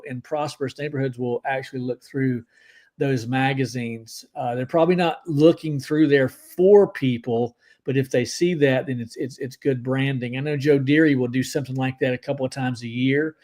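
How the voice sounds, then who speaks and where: A man's voice: medium pitch, moderate pace, a little mellow. A man co-hosting a casual live stream, upbeat as he reads out viewer comments and gives short opinions. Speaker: podcast co-host.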